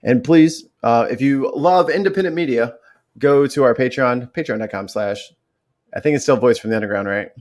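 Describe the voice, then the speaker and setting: A man's voice: medium pitch, moderate pace, a little mellow. A man hosting a podcast, chatting casually and joking around as he wraps up the show. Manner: joking and playful. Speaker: podcast host.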